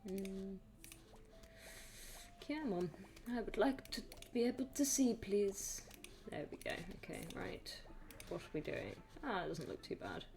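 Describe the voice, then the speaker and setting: Woman, game streamer, slow unhurried talk, mutters to the screen, faint music behind. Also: medium pitch, sing-song, creaky, a little mellow. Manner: chatty, mutters to the game, playful sing-song asides. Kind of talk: casual gameplay commentary.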